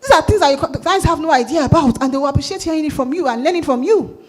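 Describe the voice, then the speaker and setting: A woman with a Nigerian accent giving a sales talk at a conference, lively and asking the audience questions. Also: high-pitched, very fast. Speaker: conference speaker. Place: conference hall.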